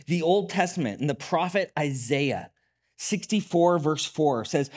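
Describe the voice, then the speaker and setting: A man delivers a sermon with a lively, swooping voice, set a little higher than most men's. He talks conversationally, as a pastor in his thirties, and acts out short quotes as he goes. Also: a little slow. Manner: animated, conversational preaching with acted-out quotes.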